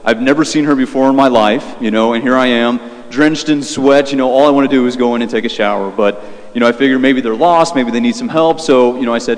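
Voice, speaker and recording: A man's voice: medium pitch, fast talker, long reverb tail. A young man, a Catholic priest, preaching a sermon in a conversational way, telling a personal story with fillers and restarts.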